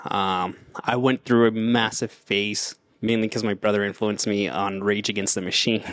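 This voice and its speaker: A man's voice: fairly low pitch, flat delivery, moderate pace, a bit bright, no echo. A man co-hosting a casual podcast chat, rambling and repeating words as he talks. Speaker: podcast co-host.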